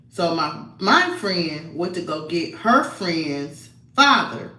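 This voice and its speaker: A woman's voice: on the low side, fairly bright tone, roomy sound, poor audio. A woman vlogger telling a personal story in a casual, rambling, emotional way. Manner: rambling, emotional, fillers and laughs.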